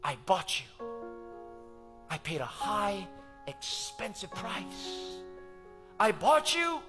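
A man preacher voicing a calm, generous male slave owner who speaks gently and steadily. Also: high voice, slow, music in the background, full character voice. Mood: earnest.

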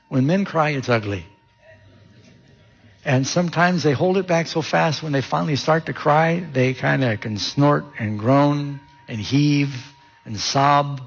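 A man preaching a sermon with vivid storytelling and wide swings in pitch, his voice gravelly and husky. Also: dull audio.

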